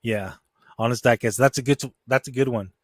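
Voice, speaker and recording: A man's voice: mid-range voice, a little fast, a little hiss or hum. A man hosting a podcast in casual chat, laid-back, laughing often and reading out viewer comments. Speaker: podcast host.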